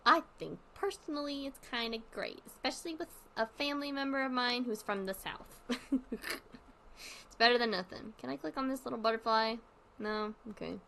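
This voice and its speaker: A woman's voice: a little high, normal speed, vocal fry, sharp tone, slight background noise. A woman streamer giving casual commentary while playing, rambling and thinking aloud with lots of fillers.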